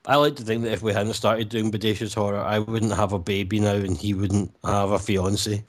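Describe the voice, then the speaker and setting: A man's voice: on the low side, little pitch movement, a little fast. A Scottish man in his thirties co-hosting a casual film commentary podcast, laid-back, swearing freely and laughing often into his home mic. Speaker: podcast co-host.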